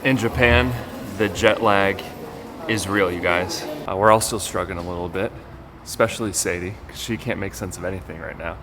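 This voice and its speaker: A man's voice: low-pitched, normal speed, background noise. A young man vlogging casually from a capsule hotel, often dropping to a whisper. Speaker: travel vlogger. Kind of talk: casual vlog narration.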